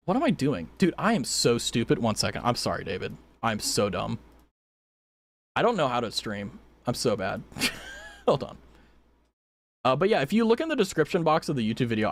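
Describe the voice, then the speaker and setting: A young man streaming a game and telling a rambling, swear-heavy story in casual chat, laughing loudly at times. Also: medium pitch, slight background noise. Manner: animated, loud laughs. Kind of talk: casual chat while gaming.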